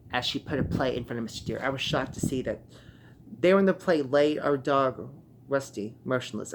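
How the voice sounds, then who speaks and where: A young man reading a creepy internet horror story aloud, casual, with sweary excited asides and stumbling restarts. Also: mid-range voice, slight background noise. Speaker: story narrator.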